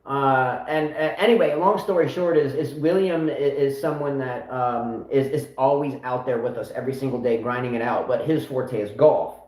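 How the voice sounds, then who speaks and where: A man's voice: mid-range voice, normal speed, hardly any pauses, darkish tone. A middle-aged man co-hosting a casual chat, rambling with many fillers and restarts. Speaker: co-host of a tennis channel. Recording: echoey room.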